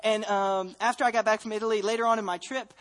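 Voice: medium pitch, steady tone, fast, fairly bright tone. A speaker from the United States giving a personal faith testimony, telling the story earnestly and reflectively, often restarting phrases.

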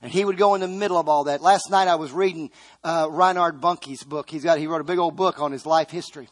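A man's voice: fairly high pitch, fairly even intonation, fast. A man preaching a sermon, earnestly retelling a story with quoted dialogue.

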